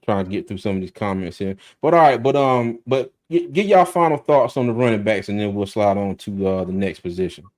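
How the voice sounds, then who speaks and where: A man hosting a casual sports chat, friendly and halting, restarting his sentences. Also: on the low side, lively intonation, darkish tone. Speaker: podcast host.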